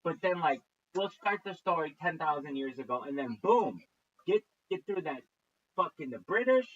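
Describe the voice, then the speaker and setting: A man with a high, husky voice rants through a video reaction, cursing nonstop and mocking what he watches. His voice swings widely up and down. The sound is somewhat muffled. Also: animated, moderate pace. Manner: swearing constantly, mocking, loud outbursts. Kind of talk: profane reaction rant.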